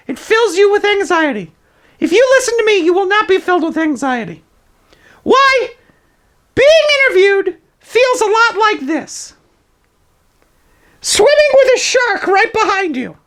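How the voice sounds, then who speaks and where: A man's voice: very high voice, bright, forceful tone, full character voice. A man voicing a zany toilet paper roll puppet who gives over-the-top, mock-authoritative advice in an improvised comedy presentation.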